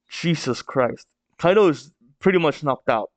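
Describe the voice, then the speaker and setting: Excitable guy doing a manga read-along reaction, slow talker, slightly high voice, lo-fi dull audio. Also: no room sound. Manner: excitable, narrating with gasps and exclamations. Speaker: manga reaction channel host.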